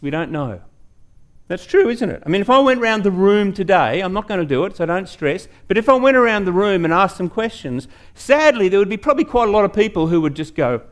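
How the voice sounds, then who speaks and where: A man preaching a sermon as pastor, emphatic, slowing down to stress key words and questioning his congregation directly. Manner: rises and falls sharply in pitch and loudness.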